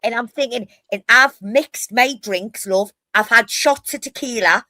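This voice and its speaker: A woman's voice: a little high, measured pace, bright, forceful tone, no room sound. A woman with a Geordie accent, telling rowdy stories in a casual live stream chat, brash and full of swearing. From North East England.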